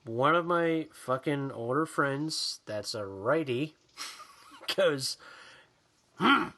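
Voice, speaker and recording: A man's voice: mid-range voice, slow pace, pushed and bright. A man co-hosting a podcast in casual, profane chat, ranting and mocking people in put-on voices. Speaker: podcast co-host.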